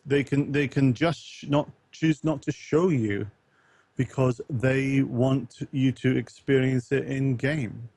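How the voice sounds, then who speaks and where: A man's voice: medium pitch, steady tone, slow pace, a little mellow, dry recording. Man, podcast host, hesitant, restarts, reads chat, dry sound. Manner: hesitant, many ums and restarts, reads chat comments aloud. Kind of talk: casual podcast discussion.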